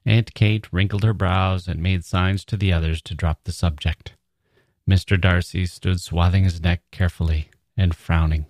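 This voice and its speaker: A man hosting a podcast, reading a story in a measured, reflective way and commenting on it. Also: sits low, steady tone, a little mellow, dry recording. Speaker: podcast host.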